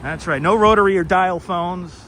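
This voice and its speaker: A man's voice: sits high, normal speed, bright, forceful tone, rough recording. A man hosting a walking livestream outdoors, chatting casually and rambling to viewers on a clip-on mic. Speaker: walking tour livestream host. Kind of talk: casual live-stream chat while walking. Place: outdoors on windy city streets. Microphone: wireless clip-on mic. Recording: windy outdoor street recording. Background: wind and traffic noise.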